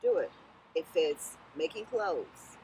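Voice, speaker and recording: A woman's voice: low voice, expressive, takes it slowly, dark tone, a little hiss or hum, poor audio. A woman with a Southern US accent, a political candidate speaking in an interview in an emphatic, encouraging way that repeats key phrases. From Sierra Leone. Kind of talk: casual interview talk.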